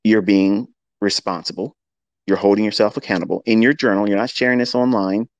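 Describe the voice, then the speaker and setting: A man's voice: fairly low pitch, fairly even intonation, a little fast, dry recording, highs cut off. A man who teaches trading, giving an earnest lecture on a live audio chat and often repeating his points. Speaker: trading educator.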